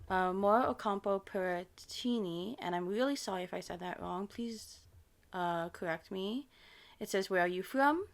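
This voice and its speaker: A woman's voice: medium pitch, moderate pace, creaky. An American woman with a lisp and a slight Filipino touch to her accent, answering viewer questions in a casual, rambling way with many ums. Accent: American with a slight Filipino touch from her parents. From United States. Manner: rambling and hesitant, many ums and self-corrections. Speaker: ASMR creator.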